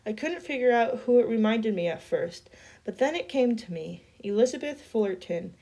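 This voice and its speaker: A woman reading a novel chapter aloud in a steady storytelling voice. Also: on the high side, normal speed. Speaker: reader.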